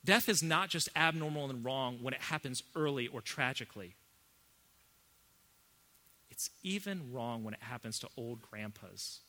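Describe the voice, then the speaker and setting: Bright-voiced man preaching. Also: medium pitch, animated, unhurried. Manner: emphatic preaching with wide swings from hushed to loud. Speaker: pastor. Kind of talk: sermon.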